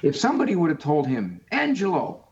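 A man's voice: on the high side, moderate pace, dull audio. A man speaking as a guest psychologist on a call-in radio show, emphatic, acting out quotes. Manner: animated, emphatic, acts out quotes.

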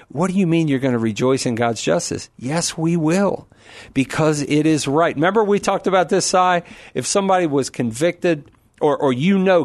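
A man answers callers on a radio show in an animated, preacherly manner, breaking into laughter often. His voice sits a little high for a man. The studio sound is dry and close. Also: no echo. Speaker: Catholic apologist radio guest. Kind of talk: call-in radio Q&A.

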